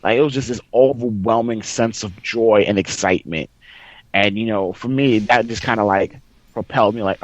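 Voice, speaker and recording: A man hosting a casual gaming podcast, telling a story excitedly and bursting into loud reenactments. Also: on the low side, moderate pace, no echo. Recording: dry, slightly dull sound.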